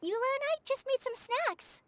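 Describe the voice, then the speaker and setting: An eager, bubbly young girl from a video game. Her voice is very high and springs up and down, chirpy and bright in every line. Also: lively intonation, fairly quick. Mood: cheerful.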